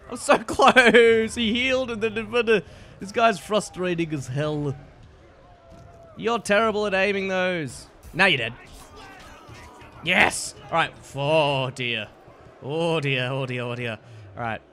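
A young man giving excitable, trash-talking commentary while playing a game, often laughing at his opponents. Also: high voice, takes it slowly, pauses often, a little hiss or hum. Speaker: gaming YouTuber. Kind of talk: let's play commentary.

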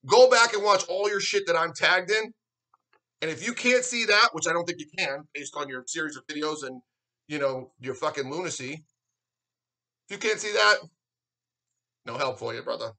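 A man with a high, piercing voice goes on a heated, profane rant to camera. His tone is bright and forceful, full of sarcasm, and he mocks his rival in put-on voices. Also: expressive, normal speed, pauses often, poor audio. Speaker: arm wrestler vlogging a response.

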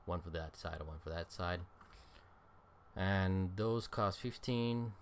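A game streamer with a deep voice gives casual let's-play commentary, taking it slowly. He sounds tired and yawns, rambling and thinking aloud with lots of ums and uhs. There's slight background noise.

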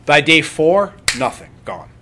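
A man leading a live workshop on breathing and meditation, talking calmly and conversationally and often checking in with his listeners. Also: a little high, measured pace, a little hiss or hum. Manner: calm, conversational, checks in with "right?".

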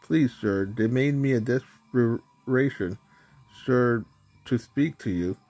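A man with a husky voice reading the part of a nervous small male steam engine, who hesitates and keeps saying sir. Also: medium pitch, takes it slowly, darkish tone, soft background music.

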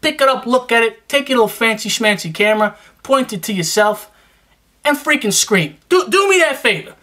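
A man's voice: extremely high pitch, expressive, normal speed, bright, forceful tone. Young New man, rambling and slangy, casual vlogger tone. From New York. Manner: rambling and slangy, full of fillers and restarts. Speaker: reptile-keeping YouTuber giving shout-outs. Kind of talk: casual vlog chat.

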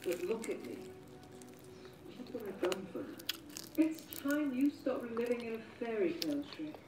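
Scheming fairy godmother, smooth commanding voice, film audio from a distant TV, very echoey. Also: on the high side, sing-song, moderate pace, music in the background. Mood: scornful.

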